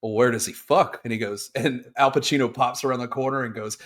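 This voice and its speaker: A man's voice: medium pitch, fairly even intonation, a little fast, a little hiss or hum. A man co-hosting a casual podcast who laughs often and swears casually. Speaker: podcast co-host.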